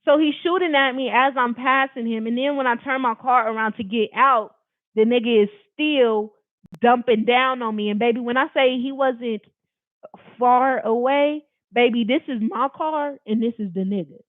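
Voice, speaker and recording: A person from Long Beach, California telling a personal story to camera in an animated, emphatic, slangy and profane way, talking straight to viewers. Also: medium pitch, moderate pace, no echo. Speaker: storyteller recounting a personal experience. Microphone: camera facing the speaker. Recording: dry, tinny phone-like sound.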